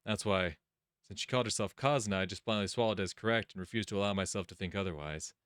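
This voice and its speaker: Low-voiced man reading a visual novel. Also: fast talker, fairly bright tone, clean tone, dry recording, clean studio sound. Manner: casual, musing, thinks aloud. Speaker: let's play host. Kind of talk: reading visual novel text aloud and commenting. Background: game music.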